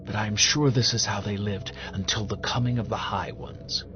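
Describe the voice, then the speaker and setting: Guy reading a grim proud albino prince, lowish voice, stern and clipped, dull audio with music under it. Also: fairly even intonation, normal speed, natural voice.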